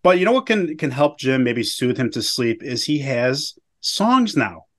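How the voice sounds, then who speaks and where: A man's voice: medium pitch, big pitch swings, unhurried, fairly bright tone. Jokey man co-hosting a podcast. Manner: jokey, easygoing banter. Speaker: podcast co-host. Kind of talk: casual recap chat.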